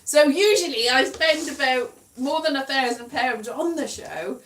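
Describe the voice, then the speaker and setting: A woman from Wales rambles through a casual livestream chat, giggling and teasing herself. Her fairly high voice swoops up and down with lots of animation. She sits back from the mic in an echoey room. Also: animated, measured pace, fairly bright tone, recorded from a distance. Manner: rambling, self-mocking, giggly. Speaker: comedian.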